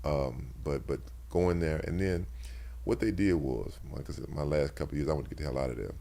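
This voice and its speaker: A former football player in his sixties tells stories in a casual interview, his voice rumbling low, creaky, and dark, moving a little fast. He often restarts sentences and repeats words.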